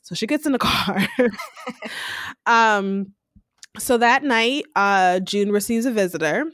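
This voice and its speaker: A chatty woman recaps a show in a loose, casual way, acting out the characters' lines and laughing often. Her voice sits at an ordinary middle pitch. The sound is dry and close, with no room around it. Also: unhurried, long pauses, fairly bright tone, no room sound. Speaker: podcast co-host.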